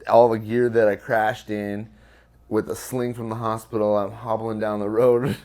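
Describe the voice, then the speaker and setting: A low, darkish male voice belongs to an interview guest telling a story about himself. He talks loosely and profanely, with many fillers.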